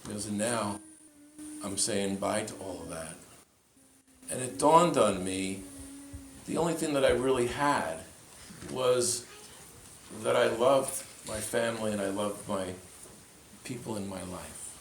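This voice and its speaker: A man with a fairly low voice delivers a sermon and works through a personal story by quoting the conversation. He is recorded in an echoey church with a faint ambient hum behind him. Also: unhurried, long pauses. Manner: storytelling, retelling a conversation in quotes. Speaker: pastor.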